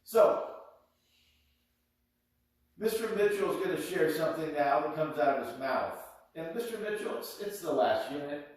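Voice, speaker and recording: Brief: male PE teacher, upbeat and preachy, slightly high voice, recorded from afar in a booming gym. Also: lively intonation, moderate pace, long pauses. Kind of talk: addressing students in a video. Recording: echoey gym, distant mic.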